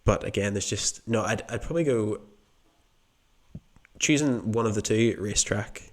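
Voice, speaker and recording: A man's voice: on the low side, moderate pace. A man from the UK co-hosting a podcast, chatting casually and thinking aloud in meandering answers. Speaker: podcast co-host. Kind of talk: casual chat.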